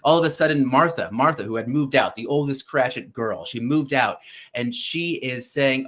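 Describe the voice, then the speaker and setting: A man's voice: mid-range voice, moderate pace. Host-type man, chatty storyteller, keeps asking "right?", thinks aloud with fillers and restarts. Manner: animated, keeps checking in with listeners with "right?". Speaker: podcast host. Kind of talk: casual retelling of a classic story.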